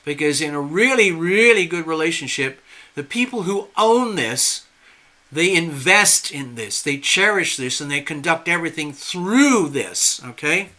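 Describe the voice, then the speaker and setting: Bright-voiced man giving a tarot reading. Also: fairly high pitch, expressive, a little slow. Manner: earnest, reassuring, often asks "okay?". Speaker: tarot reader. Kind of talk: live-stream tarot reading.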